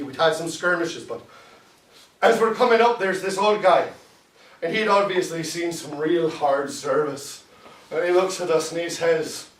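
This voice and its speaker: A man playing a proud Civil War captain. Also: high-pitched. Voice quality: animated storyteller, breaks into shouted quotes. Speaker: actor in a one-man stage play. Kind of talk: theatrical monologue. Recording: roomy, distant stage recording.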